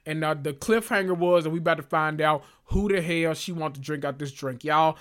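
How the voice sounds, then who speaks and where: A male podcast host recapping reality TV in a sassy, animated, gossipy way. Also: a little high, fairly quick. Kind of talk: casual reality TV recap monologue.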